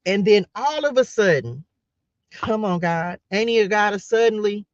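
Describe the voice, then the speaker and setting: A woman's voice: mid-range voice, animated, moderate pace, a little mellow, dry recording. Fervent woman preaching on a live stream. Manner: passionate, repetitive, calls out to listeners and chat. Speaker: live-stream spiritual message host. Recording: dull, dry lo-fi sound.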